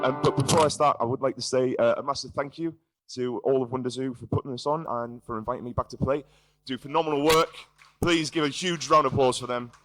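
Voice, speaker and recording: A young man with a Northeast English accent, a singer-songwriter chatting casually on stage at a live music venue, giggly and self-deprecating, swearing freely. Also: medium pitch. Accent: Northeast England.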